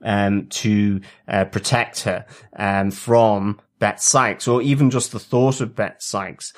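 A man's voice: fairly low pitch, steady tone, takes it slowly. A man co-hosting a TV review podcast, talking casually and hesitantly, with many fillers and restarts. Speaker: podcast co-host.

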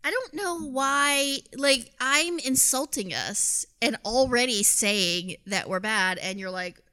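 A woman's voice: fairly high pitch, expressive, takes it slowly, pushed and bright, clear, resonant tone. A woman co-hosting a podcast in casual chat, playful and teasing, laughing often. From United States. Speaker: podcast co-host.

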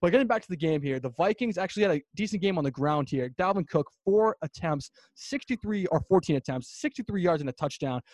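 Fast-talking high-voiced male sports podcaster. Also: no room sound. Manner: fast, animated ranting. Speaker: podcast co-host. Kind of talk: casual sports talk.

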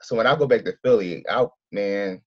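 A man tells loose, animated stories in casual conversation, slipping into the voices of people he quotes. His voice sits low and sounds husky. The recording is muffled and lo-fi. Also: normal speed. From Philadelphia. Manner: rambling, animated storytelling with acted-out quotes. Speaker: guest. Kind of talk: casual interview chat. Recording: dull lo-fi sound.

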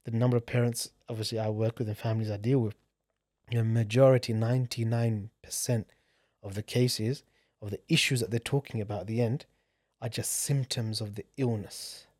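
A man's voice: lowish voice, fairly even intonation, fairly quick, darkish tone, no room sound. Casting: earnest male guest, emphatic and pleading, dry close sound. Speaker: podcast guest who works with families. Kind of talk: earnest podcast talk.

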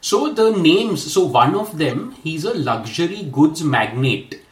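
A man chats casually as a podcast co-host, musing aloud with lots of hmms. His voice swings widely in pitch. He sits back from the mic in an echoey room. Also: sing-song, slow pace, distant mic. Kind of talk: casual chat.

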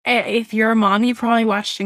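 A woman's voice: a little high, flat delivery, fairly bright tone, no echo, clean studio sound. Candid, emotional woman in her thirties. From Southwest Florida, USA. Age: 30s. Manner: candid and emotional, halting restarts, blunt swearing. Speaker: interview guest. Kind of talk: personal storytelling in a podcast interview.

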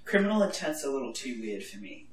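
Lively, bright woman in her thirties, echoey room. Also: very deep voice, quick pace, a little hiss or hum. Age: 30s. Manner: animated, laughs easily, casual swearing. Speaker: podcast co-host and French teacher. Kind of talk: casual chat. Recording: roomy echo.

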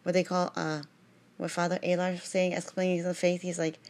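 A woman with a slightly low voice reads a religious text aloud in a home kitchen. She drifts into chatty, rambling asides and keeps tacking "right?" onto her sentences. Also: little pitch movement, fairly quick, darkish tone.

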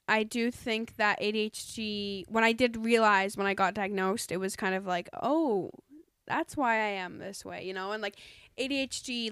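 A woman's voice: medium pitch, fairly bright tone, clean tone, dry recording. A young woman in casual chat, talking earnestly and rambling with lots of "like"s.

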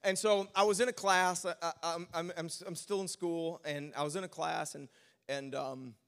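A man preaches to his congregation in a bright, forceful voice pitched a little high. He talks his way through a personal story, stumbling over words and restarting often. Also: normal speed, smooth. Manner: preaching climax, shouting and sing-song, then relaxed storytelling with stammers. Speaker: pastor. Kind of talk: sermon.

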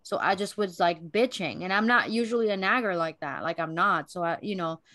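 A woman's voice: on the low side, fairly quick, dry recording. Young woman, podcast co-host, casual chat, candid, swears a lot, dry close sound. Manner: candid, swears freely, animated storytelling.

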